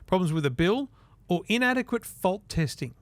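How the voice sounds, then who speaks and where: Wry male co-host, conversational number-reader, fairly high, dry close sound. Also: very animated, moderate pace, no room sound. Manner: wry, reads out figures conversationally. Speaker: podcast co-host. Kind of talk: casual tech chat.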